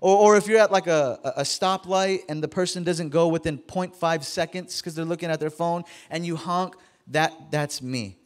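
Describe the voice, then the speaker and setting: High-voiced joking pastor. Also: male voice, normal speed, few pauses. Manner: casual, joking, talks to the congregation; stammers and repeats words. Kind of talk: sermon. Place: church sanctuary.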